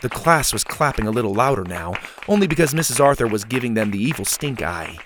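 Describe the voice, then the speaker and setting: A man narrating a children's story in an expressive, lively reading. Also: fairly low pitch, fast, crowd noise, noisy background.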